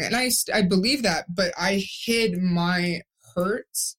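A woman's voice: on the low side, slow pace, fairly bright tone. A young woman speaking candidly and emotionally as a guest on a podcast, rambling with restarts. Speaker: guest, stroke survivor. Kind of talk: podcast interview.

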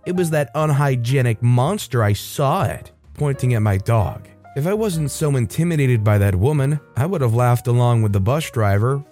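A man telling a reader's story in scripted narration, relaxed, sometimes slowing down for effect. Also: medium pitch.

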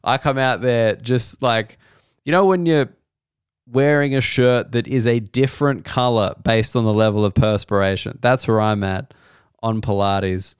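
An Australian comedian hosting a solo podcast, telling loose, profane stories with mock-excited outbursts. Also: male voice, medium pitch, unhurried, smooth, no echo, clean studio sound. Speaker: comedian host.

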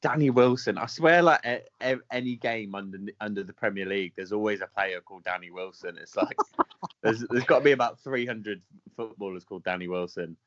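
A man's voice: fairly low pitch, a little fast. A man on a casual podcast, answering a quiz with dry, wry banter and the odd laugh. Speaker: podcast co-host, quiz contestant. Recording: dull lo-fi dry audio.

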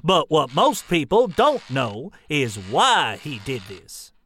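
A man playing a drawling gentleman. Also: on the high side, huge pitch swings, slow pace, slight background noise, full character voice. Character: pompous genteel old-fashioned gentleman, bumbling and touchy. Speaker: comic presenter. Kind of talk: comedy sketch dialogue.

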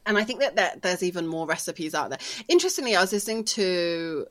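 A woman's voice: fairly low pitch, animated, fast talker. A woman, co-hosting a podcast in rambling casual chat full of fillers. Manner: chatty, rambling, many "like" fillers. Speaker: podcast co-host.

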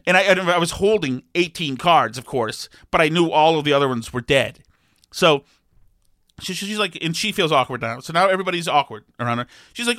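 Animated, self-deprecating man in his forties. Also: a little high, a little fast, no echo, studio quality. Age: 40s. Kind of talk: comedic storytelling.

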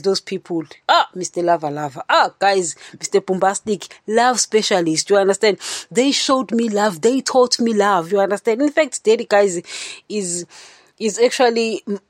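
A woman's voice: fairly low pitch, no room sound. Earnest rambling woman, dry close sound. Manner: earnest, rambling, keeps saying "you know, guys". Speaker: podcast host. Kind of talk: casual faith monologue.

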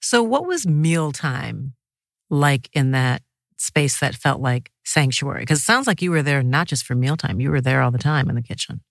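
An interviewer asking curious, affirming follow-up questions in a relaxed conversation. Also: medium pitch, normal speed, creaky, dry recording, clean studio sound.

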